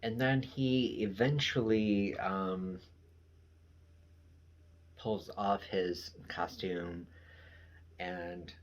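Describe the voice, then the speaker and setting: Low, slow-talking man recapping a show. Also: fairly even intonation. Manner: rambling, with many fillers and trailing asides. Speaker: show reviewer. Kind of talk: casual episode recap.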